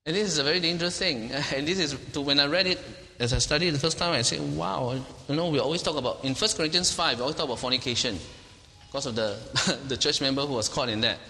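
Man, sermon, emphatic, repeats words, bright tone, faint room ambience. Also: a little high, fast, long reverb tail, slight background noise, rough recording. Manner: animated, emphatic, repeats words, laughs while preaching. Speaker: preacher.

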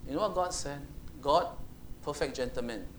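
A man preaching a sermon in an animated way, asking the congregation questions and acting out Bible voices. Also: mid-range voice, normal speed, a little hiss or hum.

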